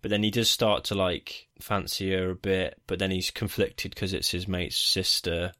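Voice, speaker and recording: Laid-back man with a lowish voice. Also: flat delivery, moderate pace, bright, forceful tone. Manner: laid-back, retells plots at length with many restarts. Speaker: podcast co-host. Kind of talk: casual film review chat.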